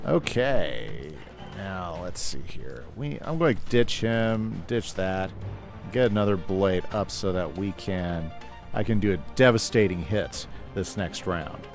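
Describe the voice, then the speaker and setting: A man's voice: sits low, expressive, slow, soft background music. A man casually chatting with his live chat while playing a game, reading comments aloud and talking through his moves. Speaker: gaming livestreamer.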